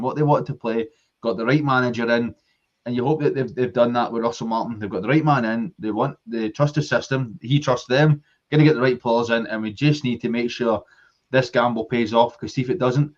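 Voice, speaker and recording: A man's voice: medium pitch, steady tone, fairly quick, darkish tone, highs cut off. A man with a Scottish accent, co-hosting a casual football fan podcast, arguing his point passionately in long runs. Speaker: podcast co-host.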